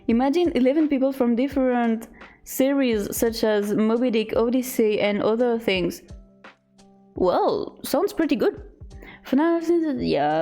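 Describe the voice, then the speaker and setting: A young woman streamer in casual chat, reading out chat messages in a halting, giggly way. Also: on the high side, darkish tone.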